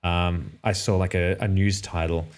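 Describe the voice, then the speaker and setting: A man's voice: sits low, level tone, unhurried, clean tone. An Australian man telling a personal travel story in a casual, rambling way, often correcting himself and dropping dry asides. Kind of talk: casual anecdote.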